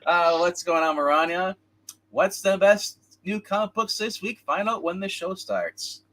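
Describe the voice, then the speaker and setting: A man's voice: high voice, expressive, unhurried, a bit bright. A man co-hosting a casual comics livestream, rambling and opinionated as he chats with a co-host and viewers. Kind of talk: casual live-stream chat.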